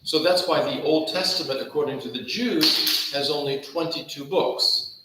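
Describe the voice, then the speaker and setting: A man's voice: a little high, normal speed, sharp tone, very echoey, low-quality recording. A man pastor giving a conversational Bible study sermon, acting out quoted dialogue with animation. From Taiwan. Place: church hall.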